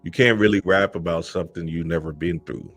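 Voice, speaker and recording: A man's voice: deep voice, fairly even intonation, a little fast, fairly bright tone, faint music behind. A man talking in a casual, emphatic monologue, often asking "you feel me" and acting out quoted voices. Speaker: spiritual content creator.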